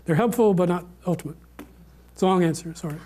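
Man, lecturer, informal talk, high voice for a man, hesitant, many restarts. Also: fast, noisy background.

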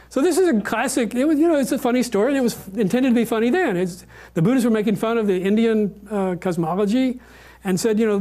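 A man's voice: extremely high pitch, quick pace, mellow. A man giving an informal lecture on religion and answering questions, often hesitating and restarting his sentences. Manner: hesitant, with many fillers and restarts.

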